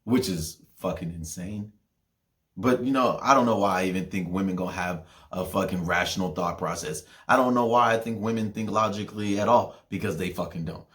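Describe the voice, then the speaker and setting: Heated profane young man ranting. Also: fairly low pitch. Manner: heated, profane, swings between loud outbursts and muttering. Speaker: podcast host. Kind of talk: profane podcast rant.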